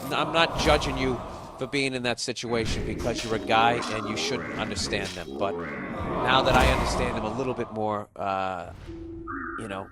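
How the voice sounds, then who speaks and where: A man hosting a comedy podcast, ranting advice in a blunt, profane, animated way. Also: fairly low pitch, normal speed, heavy background noise.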